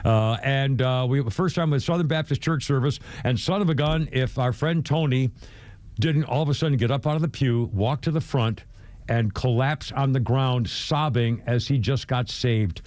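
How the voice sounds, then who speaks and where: A man's voice: medium pitch, moderate pace, a little mellow, no echo. Rambling male radio host, dry studio sound. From New England. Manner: rambling, lots of uh fillers. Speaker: radio talk show host. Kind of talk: casual radio talk.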